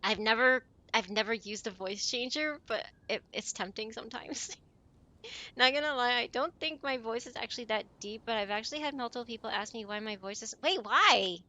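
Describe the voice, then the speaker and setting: A woman's voice: fairly high pitch, bright, forceful tone. A woman streamer in casual voice chat with friends, chatty and apologetic, with a chirpy voice. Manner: chatty, apologetic, quick laughs.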